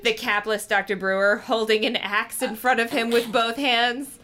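A woman co-hosting a comedy podcast, reading a book aloud in steady narration with joking asides. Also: on the high side, moderate pace, very noisy.

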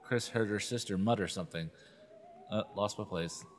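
A man co-hosting a comedy podcast, reading a children's horror book aloud with animated dialogue and jokey asides. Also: fairly low pitch, normal speed, a little hiss or hum. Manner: reads dialogue animatedly, breaks into laughter.

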